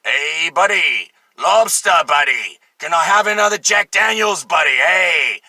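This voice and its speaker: A pushy, rowdy drunk man at a bar, as a storyteller puts him on, drawling his words and then bellowing them. The voice sits fairly high and bright, and it sounds close and dry. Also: lively intonation, a little slow, no echo, exaggerated voice. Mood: demanding.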